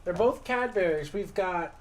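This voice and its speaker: A man's voice: sits high, expressive, unhurried, rough recording. A man co-hosting a casual chat, throwing out crude joking guesses. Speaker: podcast co-host.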